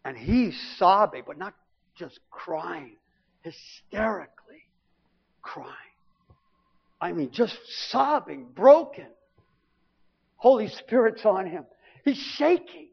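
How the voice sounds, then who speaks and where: High-voiced man telling a testimony. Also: takes it slowly, vocal fry, pauses often, husky. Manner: animated storyteller acting out family dialogue. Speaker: preacher. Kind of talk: sermon testimony storytelling. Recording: dull lo-fi recording.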